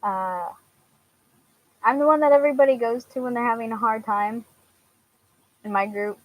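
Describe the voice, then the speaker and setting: A woman's voice: on the high side, moderate pace, poor audio. A young woman from Washington chatting casually to her viewers, hesitant with frequent fillers and laughs. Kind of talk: casual chat answering viewers.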